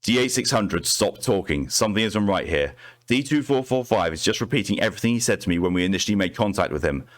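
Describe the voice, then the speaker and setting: A man voicing a measured, clinical male doctor who directs the test subjects over a radio link. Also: on the low side, expressive, dry recording, lightly acted.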